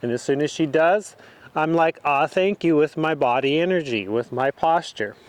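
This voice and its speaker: A man training a horse outdoors, talking the viewer through each step in a relaxed, casual way. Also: fairly high pitch, moderate pace, dry recording. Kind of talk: casual instruction while working a horse.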